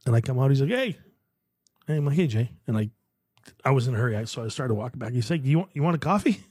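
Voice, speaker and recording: A man with a slightly husky voice, recorded close and dry, chats casually. He retells everyday moments by acting out who said what. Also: medium pitch, fast, mellow, dry recording. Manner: chatty storyteller, acts out dialogue. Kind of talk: casual chat.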